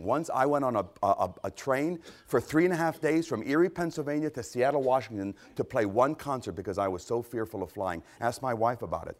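A middle-aged man preaching a sermon, fervent and rising to loud, emphatic peaks. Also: medium pitch.

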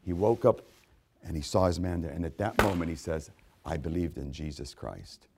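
Preacher man, hushed to booming. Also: animated, moderate pace, slight background noise. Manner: dramatic swings from hushed to booming. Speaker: pastor. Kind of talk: sermon.

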